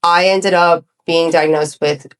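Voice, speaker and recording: A woman around forty, a podcast guest telling her own story in casual chat, animated and acting out what others said. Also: on the low side, unhurried, clear, resonant tone. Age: 30s. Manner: animated storytelling with quoted voices.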